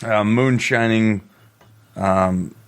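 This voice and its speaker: A man co-hosting a podcast in casual chat, halting and stammering, with many restarts. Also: lowish voice, fairly even intonation, clean tone. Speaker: podcast co-host.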